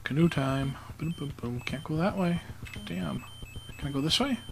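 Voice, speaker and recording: A man's voice: fairly high pitch, moderate pace, creaky, low-quality recording. Man chatting casually over gameplay. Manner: chatty, joking, self-mocking asides. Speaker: let's play commentator.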